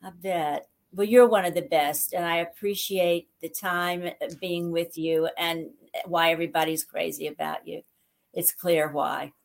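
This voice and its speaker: A woman's voice: lowish voice, steady tone, a little slow, creaky. Texas-born woman as guest interviewer, effusive, trails off mid-sentence, on a video call. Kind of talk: casual chat.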